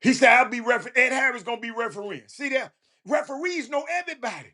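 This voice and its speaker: A man hosts a loose talk show monologue over the phone, his voice sitting noticeably high. He speaks with a drawl and lectures his listeners. He keeps stammering and restarting his lines as he goes. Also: lively intonation, fast, bright, forceful tone. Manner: preachy, repeats himself, stammering restarts. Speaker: show host. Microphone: phone call.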